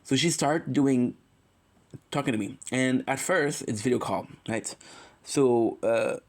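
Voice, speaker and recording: A man's voice: medium pitch, slow pace. Rambling man confessing on a livestream. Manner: rambling, emotional, often corrects himself.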